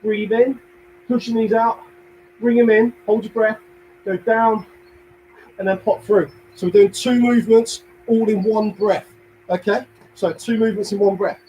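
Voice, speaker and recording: An energetic young man with a London accent coaches a home workout, his voice sitting high for a man. He counts reps, encourages viewers and drops jokey asides. A faint hum runs under the recording. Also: a little slow, low-quality recording. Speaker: fitness instructor.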